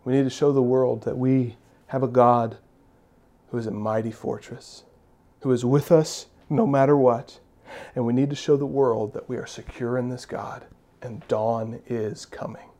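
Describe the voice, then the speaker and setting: A man's voice: mid-range voice, steady tone, normal speed, dark tone. A man preaching a sermon as a pastor. He preaches emphatically, repeats his key phrases and asks the congregation rhetorical questions.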